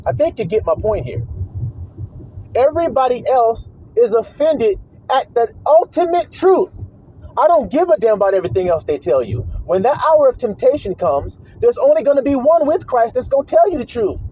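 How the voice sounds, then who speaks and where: A man's voice: extremely high pitch, sing-song, normal speed, slight background noise. A man preaching a confrontational, profane monologue, hammering his listeners with rhetorical questions. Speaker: self-styled preacher. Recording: dull lo-fi sound.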